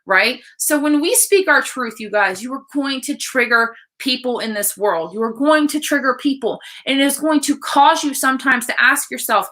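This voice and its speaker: A woman coach talking to viewers on a livestream, blunt and excited, swearing freely as she speaks. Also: high-pitched, normal speed. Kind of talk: casual live-stream talk.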